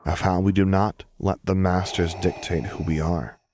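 A man voicing a gentle, earnest young man who speaks softly and patiently, in a fan fiction audiobook. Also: sits low, level tone, normal speed, a little hiss or hum. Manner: soft, earnest, gently urging.

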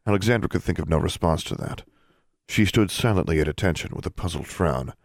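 A man reading a novel aloud as a narrator, even and unhurried. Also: low voice, creaky, no echo, clean studio sound. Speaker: audiobook narrator. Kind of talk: scripted narration.

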